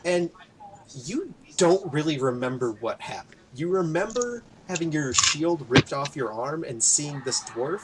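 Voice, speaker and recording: Animated man running a tabletop game. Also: on the high side, a little slow, very noisy. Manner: animated storytelling narration. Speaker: game master.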